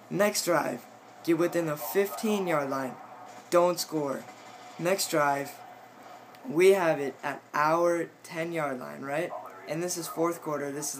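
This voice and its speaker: A teenage boy, a high school football player, telling a rambling story in a casual vlog, full of fillers and restarts. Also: measured pace, noisy background. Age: teens.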